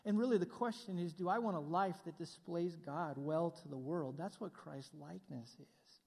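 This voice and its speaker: A man's voice: a little high, normal speed, creaky, a little mellow, breathy edge, long reverb tail. A middle-aged male pastor preaching a sermon in a conversational way, with asides to the congregation.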